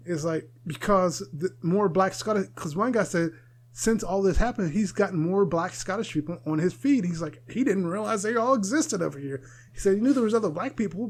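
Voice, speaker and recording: A man's voice: fairly high pitch, a little mellow. A man hosting a solo podcast, talking casually in an opinionated, rambling way and laughing often. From United States. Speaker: podcast host.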